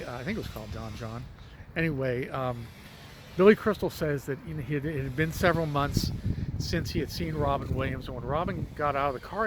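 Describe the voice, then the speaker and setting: A man narrates his walking vlog in a casual, meandering way, often stopping to correct himself. His voice sits a little high for a man. He is recorded outdoors on a windy street, with passing traffic clearly heard behind him. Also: low-quality recording. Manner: rambling, self-correcting storyteller. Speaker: vlog host.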